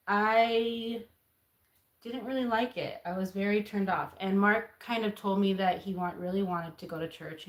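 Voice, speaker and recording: Chatty woman telling a story. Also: medium pitch. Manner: animated, acts out quoted voices, laughs often. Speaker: co-host, host's wife. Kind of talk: casual storytelling chat. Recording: roomy echo.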